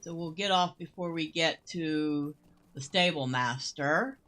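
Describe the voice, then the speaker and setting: This gameplay host speaks in a low, somewhat bright voice, chatting unhurriedly as she plays. She wonders aloud about what's happening and laughs easily along the way.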